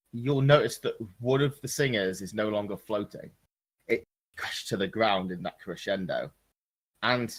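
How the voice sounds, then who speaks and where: A man narrating as game master of a tabletop game, hesitant with many ums and restarts. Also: on the low side.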